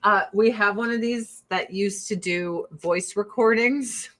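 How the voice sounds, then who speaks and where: Slow-talking, bright-voiced foul-mouthed woman host. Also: mid-range voice. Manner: profane, animated storytelling; acts out relatives in quoted voices. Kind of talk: casual chat.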